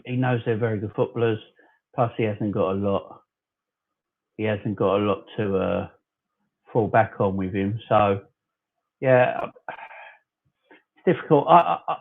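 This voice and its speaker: A man in his forties from southern England, hosting a casual fan livestream, chatting loosely and arguing back at commenters he calls "fella". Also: lowish voice. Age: 40s. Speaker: fan channel host. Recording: tinny phone-like sound.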